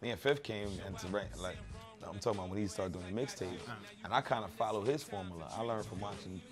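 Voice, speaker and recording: A man's voice: lowish voice, quick pace, music in the background. A man being interviewed, telling stories in a blunt, profane, streetwise way. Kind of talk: casual interview talk.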